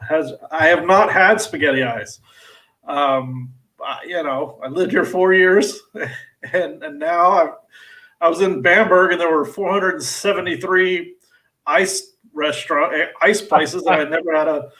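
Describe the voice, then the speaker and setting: American guest guy, kinda high voice, hesitant, trails off a lot. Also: fairly even intonation, unhurried, pushed and bright, low-quality recording. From United States. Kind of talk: casual chat.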